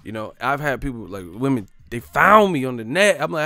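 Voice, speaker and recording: A man doing loose, joking boxing commentary for his online channel, in slangy street talk with quick put-on voices. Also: mid-range voice, sing-song, creaky, a bit bright, no room sound. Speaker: boxing YouTuber. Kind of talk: casual comedic boxing commentary.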